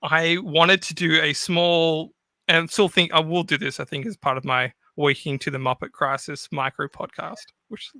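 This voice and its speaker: A man's voice: fairly high pitch, steady tone, moderate pace, pushed and bright, no room sound. A man in a casual discussion, chuckling and thinking aloud with frequent restarts.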